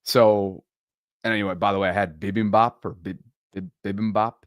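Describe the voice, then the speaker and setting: Low-voiced man telling a dating story. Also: fairly even intonation, normal speed, dry recording, clean studio sound. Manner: laughs often, storytelling with self-deprecating humor. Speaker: podcast co-host. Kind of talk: casual chat.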